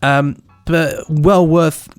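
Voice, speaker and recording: A man's voice: fairly high pitch, fairly even intonation, very slow, smooth, no echo. An English man co-hosting a podcast, chatting enthusiastically and laughing often. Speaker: podcast co-host. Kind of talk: casual chat.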